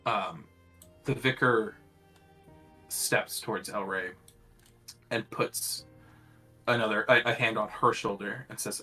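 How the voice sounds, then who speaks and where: A man's voice: fairly low pitch, slow, pauses often, sharp tone. A man running a tabletop game as game master, narrating with hesitant fillers, faint music behind.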